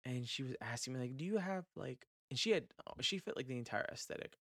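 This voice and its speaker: A man's voice: medium pitch, animated, quick pace, fairly bright tone, no echo. A man hosting a casual podcast chat, rambling and swearing, with lots of fillers and trailing off, on a close mic. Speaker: podcast host.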